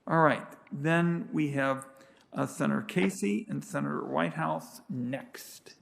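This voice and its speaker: A committee chairman runs the hearing, briskly calling on each member in turn. His voice sits on the higher side. It also has a gravelly texture. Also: a bit bright, slight background noise. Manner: brisk, recognizing speakers in turn.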